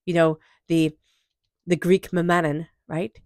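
A woman's voice: lowish voice, flat delivery, a little slow, a little mellow, no echo, clean studio sound. A woman giving an intuitive tarot reading, earnest and emphatic, with soothing repeated affirmations. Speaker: tarot reader.

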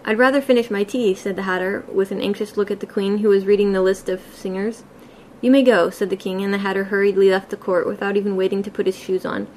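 A woman reading a classic children's novel aloud as an amateur audiobook, in a plain, unhurried way with occasional slips. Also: medium pitch, completely flat delivery, a little mellow, a little hiss or hum, low-quality recording. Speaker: audiobook reader.

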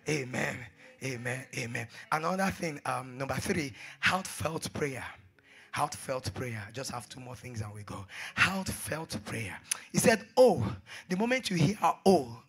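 A man preaching a sermon, repeating phrases and swinging between hushed asides and shouted exhortations. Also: a little high, creaky, husky.

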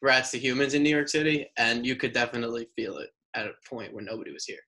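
A man's voice: medium pitch, fast talker, sharp tone. A man co-hosting a podcast in casual chat, firing off dry, teasing quips. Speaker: podcast co-host.

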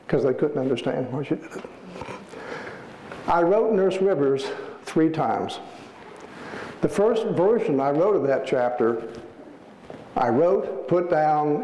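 A man, an author, giving a storytelling lecture in an animated way, acting out the people in his stories. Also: a little high, a little hiss or hum. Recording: echoey hall, faint ambience.

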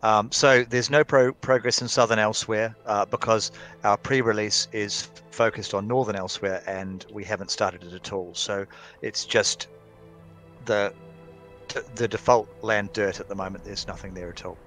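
A man's voice: on the low side, steady tone, moderate pace, fairly bright tone, faint music behind. A man on a modding team answering viewer questions in a matter-of-fact way. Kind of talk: casual stream Q&A.

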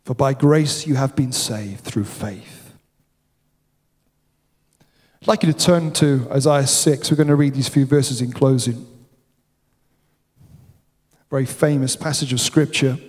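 A man preaching a sermon, stressing his points by repeating words, sometimes dropping to a hushed, solemn tone. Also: mid-range voice, unhurried. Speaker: pastor. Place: church hall. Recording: long hall reverb.

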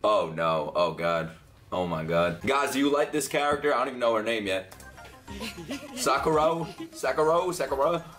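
A young man reacting to an anime episode, loud and excitable, swearing and shouting at the screen. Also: on the low side, a little fast, faint music behind. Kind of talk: live anime reaction commentary.

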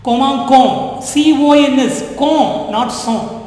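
Male French teacher, high voice, slow and repetitive, recorded in a very echoey room with long reverb. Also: a little mellow. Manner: repetitive, drilling, asks "understand?". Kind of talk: classroom-style language lesson.

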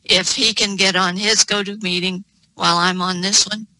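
A woman's voice: mid-range voice, fairly even intonation, moderate pace, vocal fry, pushed and bright, no room sound, rough recording. A woman chatting on a video call, talkative and laughing easily. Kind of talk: casual chat.

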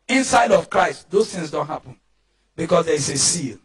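Nigerian male pastor, fervent sermon, very high voice, calls for answers. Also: lively intonation, moderate pace. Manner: fervent preaching, often shouting and calling for responses.

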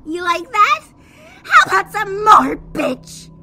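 A woman's voice: a little high, slow, slightly rough, faint music behind. A woman voicing a tough young mare who swears freely and talks back with defiance. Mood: yelling.

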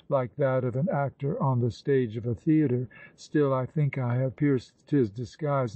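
A man reading the lines of a fearful, anxious servant in an audiobook, hushed, slow and hesitant. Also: mid-range voice, dry recording, close to an everyday voice, poor audio.

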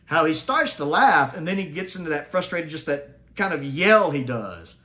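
A man giving a casual spoken review of a TV episode, opinionated and thinking aloud, often restarting and jumping up in pitch to stress a point. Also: very animated, moderate pace, bright, forceful tone.

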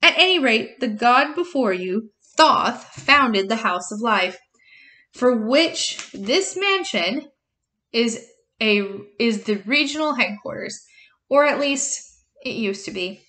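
A woman reading aloud the lines of an older male magician mentor, measured and gently insistent, in a slightly lower voice than her own. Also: lively intonation, exaggerated voice. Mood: calm.

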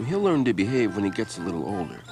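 Guy doing a teen farm boy, reassuring and easygoing, higher than his own voice, music underneath. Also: huge pitch swings, fast. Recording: background music.

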